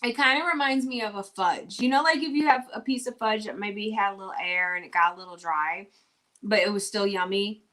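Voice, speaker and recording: A woman's voice: mid-range voice, fairly quick, bright, forceful tone. A woman from Missouri co-hosting a casual unboxing livestream, gushing enthusiastically about food. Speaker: livestream co-host.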